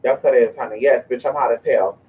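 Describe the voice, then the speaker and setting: A man's voice: medium pitch, steady tone, fast, recorded from a distance. A man vlogging at home in a sassy, chatty way, talking straight to his viewers and to his pet. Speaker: spiritual vlogger. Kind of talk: casual vlog chat to viewers. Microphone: camera mic. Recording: muffled camera audio from off the mic.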